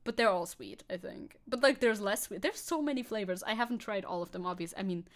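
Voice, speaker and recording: A young woman from Germany streaming as a VTuber, chatting casually with her audience, reading comments aloud and laughing often. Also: a little fast. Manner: chatty, laughs often, reads chat aloud, jumps high when excited. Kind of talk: casual livestream chat.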